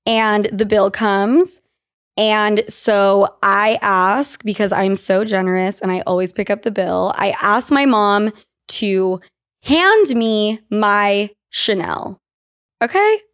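A woman's voice: mid-range voice, slow pace, clean tone. A young woman from Utah hosting a podcast, telling candid, profane stories in casual chat. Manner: candid, profane, animated storytelling. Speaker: podcast host.

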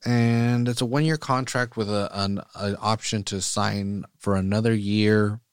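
A man's voice: fairly low pitch, fairly even intonation, unhurried, clean tone, dry recording, clean studio sound. A man hosting a soccer podcast in casual, profane, rambling talk that wanders off on tangents. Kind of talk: casual chat.

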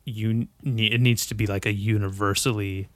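A man's voice: on the low side, little pitch movement, normal speed, fairly bright tone, no echo. A man who is a little drunk, talking bluntly and emphatically in casual chat, with frequent swearing.

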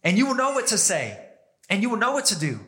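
A man preaching a sermon as pastor, emphatic, pushing his pitch and pace up and down for emphasis. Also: sing-song, quick pace, bright, forceful tone.

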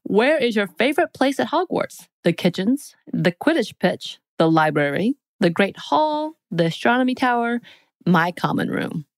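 A woman's voice: a little high, big pitch swings, no echo. A woman co-hosting a podcast, reading quiz questions aloud and joking along the way. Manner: playful, joking, reads options in quick lists. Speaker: podcast co-host.

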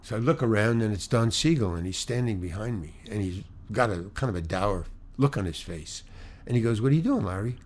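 A man who is a stand-up comedian, telling an animated, self-deprecating anecdote and acting out the quotes himself. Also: on the low side, a little fast. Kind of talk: anecdotal storytelling.

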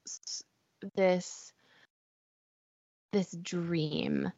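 A woman hosting a podcast in relaxed conversation, chatty, with many fillers and frequent laughs. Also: on the low side, drawn-out words, dry recording. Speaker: podcast host. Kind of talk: casual conversation. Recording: dull dry lo-fi sound.

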